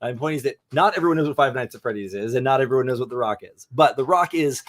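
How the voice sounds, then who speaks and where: A man's voice: mid-range voice, quick pace. A young man hosting a casual movie chat, enthusiastic and rambling, with lots of fillers and restarts. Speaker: podcast host.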